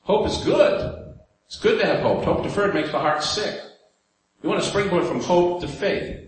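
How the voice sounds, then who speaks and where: A man's voice: high voice, lively intonation, normal speed. A man with a New York accent preaching a sermon in a conversational way, putting rhetorical questions to the congregation. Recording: very echoey hall, faint room noise.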